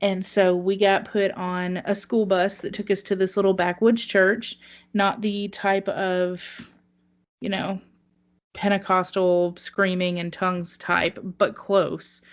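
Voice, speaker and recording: A woman's voice: mid-range voice, little pitch movement, slow pace. A woman co-hosting a podcast, telling a funny story in a wry, self-mocking way and laughing at herself. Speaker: podcast co-host. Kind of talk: casual storytelling.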